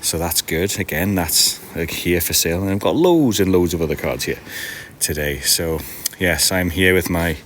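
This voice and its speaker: Casting: tired man in his 40s, low voice, rambling chatty stream host, faint hum behind. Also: normal speed, fairly bright tone. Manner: rambling and self-deprecating, with frequent restarts. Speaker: card seller and livestream host. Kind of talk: casual live-stream chat. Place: large glass-roofed old station hall, indoors.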